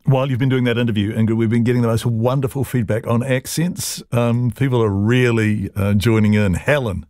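A male radio host, speaking at a middle pitch in a dry, close studio sound. He reads his links briskly and keeps the show moving between listener messages and news. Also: fairly even intonation, a little mellow, no echo. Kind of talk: live radio presenting.

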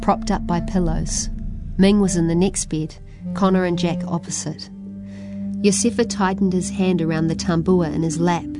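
A woman narrating a children's storybook with an even, clear reading. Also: fairly low pitch, moderate pace, over music. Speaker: audiobook narrator.

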